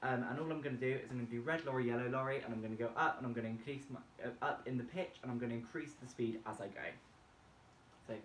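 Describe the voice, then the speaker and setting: A man presenting a vocal warm-up tutorial and explaining each step plainly. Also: medium pitch, steady tone, quick pace, a little hiss or hum. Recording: echoey room, distant mic, faint music. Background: faint backing music from a laptop.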